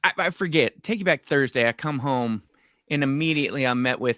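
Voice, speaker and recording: A middle-aged man, co-hosting a podcast and telling an animated story in casual chat, swearing freely. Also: mid-range voice, fairly quick, no echo. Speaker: podcast co-host.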